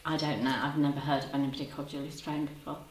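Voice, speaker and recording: A woman in her fifties hosts a casual livestream from a room at home, chatting with and teasing viewers in the chat while laughing often. Her deep voice is flat and very fast, with a slight hiss or hum. The recording sounds roomy, as if she sits a bit far from the mic.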